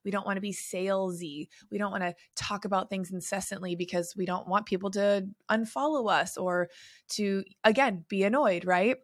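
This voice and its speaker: A woman's voice: medium pitch, moderate pace, no room sound, studio quality. A young adult woman hosting a solo podcast, telling stories in a chatty way with lots of fillers. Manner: chatty, filler-heavy storytelling. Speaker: podcast host and beauty industry coach.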